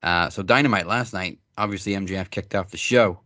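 A man's voice: low-pitched, fairly quick, pushed and bright, no echo. A man co-hosting a casual talk show, rambling with lots of fillers and restarts. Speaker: podcast co-host. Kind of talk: casual wrestling chat.

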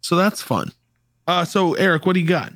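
A man's voice: high voice, animated, moderate pace, a bit bright, dry recording. A man co-hosting a podcast, chatting easily about songs and introducing the next tracks. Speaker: podcast co-host. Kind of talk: casual music review chat.

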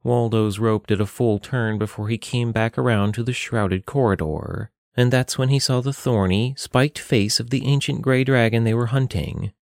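A man reading a fantasy story aloud in a steady, measured way. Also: mid-range voice, creaky, no room sound, clean studio sound. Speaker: narrator. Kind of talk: fantasy audiobook narration.

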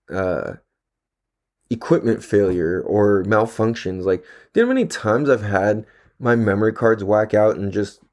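Casting: laid-back man, casual profane slang, swoops widely in pitch, a little dry-throated. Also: darkish tone. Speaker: vlogger. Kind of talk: casual rambling monologue.

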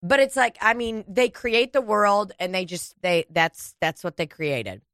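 A woman's voice: medium pitch, measured pace, fairly bright tone, no echo, studio quality. A woman co-hosting a podcast, in rambling casual chat full of swearing. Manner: crude, rambling, swears a lot. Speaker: podcast co-host.

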